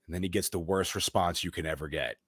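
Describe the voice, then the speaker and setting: Man excitedly recapping a movie. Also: sits low, breathy edge, dry recording, studio quality. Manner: animated, acts out movie lines in quick put-on voices. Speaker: podcast co-host. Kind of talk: casual movie recap chat.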